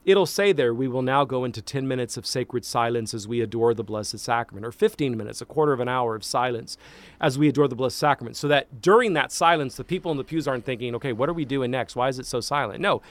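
Priest radio host, male, mid-pitched, dry studio mic, emphatic and lively when answering mail. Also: fast talker, no echo. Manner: animated, emphatic teaching with repetitions. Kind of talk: answering listener questions on call-in radio.

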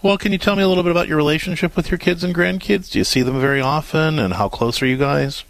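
A middle-aged man hosting a call-in parenting advice radio show, talking fast and animated, often repeating words as he starts a thought. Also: on the high side, gravelly, dry recording.

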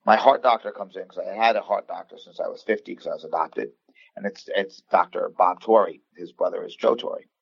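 A deep, gravelly man in his fifties tells a personal story on a podcast, earnest and halting, often restarting his sentences. His voice is husky and low, and the dry, dull recording sounds lo-fi. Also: fairly even intonation, no echo. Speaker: basketball coach guest.

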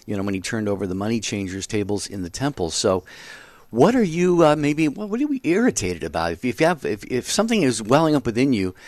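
A man's voice: medium pitch, big pitch swings, quick pace, a little mellow, no echo. Earnest man co-hosting talk radio. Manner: earnest, reflective, with fillers and restarts. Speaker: radio co-host. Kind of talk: Catholic talk radio chat.

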